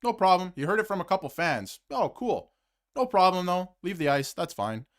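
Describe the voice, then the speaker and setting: Fired-up man ranting with lively pitch. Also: normal speed. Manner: heated and emphatic, repeats phrases, swings between loud outbursts and muttered asides. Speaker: sports commentary host. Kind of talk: fired-up solo hockey rant to camera, reading super chats.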